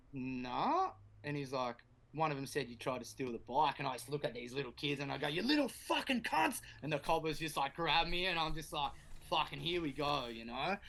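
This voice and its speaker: A man's voice: fairly high pitch, fairly bright tone. A man, a guest BMX rider, chatting casually and telling a sweary story, acting out quotes. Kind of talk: casual podcast chat.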